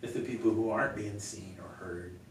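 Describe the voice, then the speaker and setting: Male pastor, earnest, storytelling, very echoey room, faint rumble. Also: fairly even intonation, a little fast, recorded from a distance. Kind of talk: conversational Q&A teaching.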